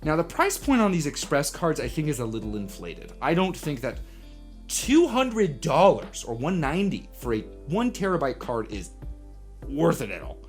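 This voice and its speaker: A young man hosting a casual live stream, telling an animated story and acting out the people in it, sometimes dropping to a hushed aside. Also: fairly high pitch, normal speed, faint music behind. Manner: animated, acts out voices in his story, drops to hushed asides. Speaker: coffee livestream host.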